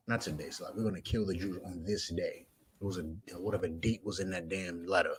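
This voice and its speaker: A man with a New Jersey accent teaching scripture in an emphatic, profane style, swinging between loud outbursts and low asides. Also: fairly quick, poor audio. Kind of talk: street preaching lesson.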